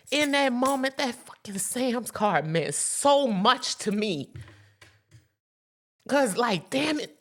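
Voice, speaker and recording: A woman's voice: fairly high pitch, big pitch swings, slow pace. A woman hosting a casual spiritual talk for her viewers, chatty and emphatic, with profanity and sudden whoops. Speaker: host.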